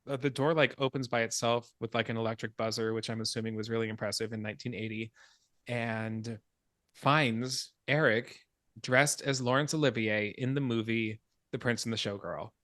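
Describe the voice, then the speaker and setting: Podcast host guy telling a movie plot, bright forceful voice, dry close mic, swears, laughs at himself. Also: medium pitch, fairly even intonation, normal speed, no echo. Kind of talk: casual film discussion.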